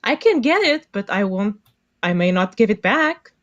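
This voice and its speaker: A woman's voice: mid-range voice, sing-song, moderate pace, a bit bright, highs cut off. A woman playing a tabletop game, asking sassy, pointed questions in character. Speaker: player.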